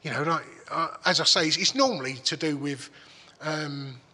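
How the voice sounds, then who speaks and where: Husky man with a bright voice. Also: fairly high pitch, normal speed, long reverb tail. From East London. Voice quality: rambling, restarts a lot. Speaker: guest. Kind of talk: casual interview chat, frank and sweary.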